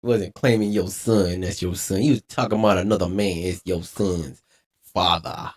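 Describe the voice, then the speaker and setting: Man, streamer, animated preachy rant, laughing. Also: low voice, normal speed. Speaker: streamer reacting to a clip. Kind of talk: casual reaction commentary.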